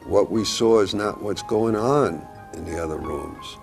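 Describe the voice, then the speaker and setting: Deep, gravelly male commentator. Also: over loud music. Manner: measured, explanatory. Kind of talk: documentary interview.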